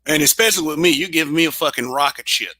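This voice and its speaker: Blunt, profane man with a bright voice. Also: a little high, quick pace. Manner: blunt, profane, laughs often. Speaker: show host. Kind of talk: casual livestream monologue.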